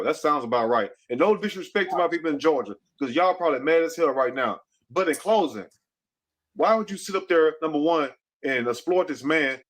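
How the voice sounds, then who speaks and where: Male host, emphatic lecturing commentary, somewhat high voice. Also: a bit bright. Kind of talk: casual commentary.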